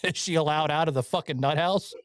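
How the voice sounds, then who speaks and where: A man's voice: a little high, quick pace, dry recording. A man co-hosting a podcast in a studio, chatting casually with lots of swearing, laughter and banter. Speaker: podcast co-host. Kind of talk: casual political chat.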